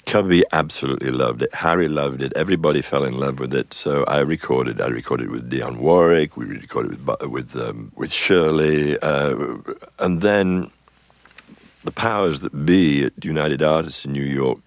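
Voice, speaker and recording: An older man, a film composer, tells rambling anecdotes during an interview in relaxed storytelling fashion, chuckling and interrupting himself. His voice is extremely low with vocal fry, at a normal speed, and there is no echo.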